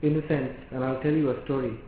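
A man delivers a devotional lecture, explaining step by step and pausing on rhetorical questions. His voice rings through a very echoey hall. The sound is thin and phone-like, with a faint hiss of ambience behind it. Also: medium pitch, fairly even intonation. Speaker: preacher.

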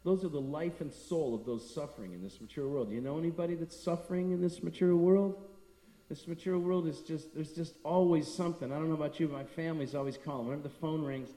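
Middle-aged male speaker, devotional talk, animated anecdotes; long reverb, voice from a distance. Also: fairly high pitch, fast. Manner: storytelling, acting out quoted people. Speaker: temple speaker. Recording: echoey hall from a distance.

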